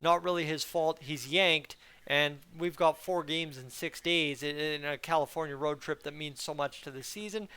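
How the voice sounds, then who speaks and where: A man's voice: on the high side, moderate pace, hardly any pauses, pushed and bright, clear, resonant tone. A young man hosting a casual fan commentary channel, rambling and chatty with a frustrated edge. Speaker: hockey fan channel host.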